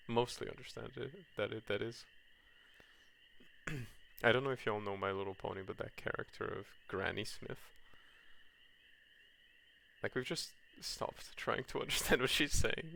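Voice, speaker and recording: A man's voice: medium pitch, vocal fry, sharp tone, slight background noise. A man streaming a cozy farming game at home, chatting with his viewers in a rambling, laugh-filled way with lots of restarts. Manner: chatty, reacts to chat, laughs often, frequent restarts. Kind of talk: casual chat while streaming a farming game. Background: faint game music.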